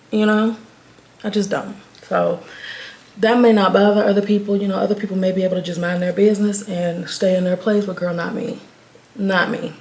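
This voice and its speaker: A woman's voice: mid-range voice, gravelly, darkish tone. A woman, chatting candidly to her viewers in a get-ready-with-me vlog. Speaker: beauty vlogger.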